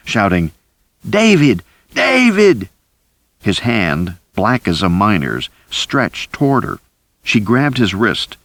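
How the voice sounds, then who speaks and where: Deep male audiobook narrator, lively pitch, dry studio sound. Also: no room sound. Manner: deep, steady, lively delivery. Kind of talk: scripted first-person narration.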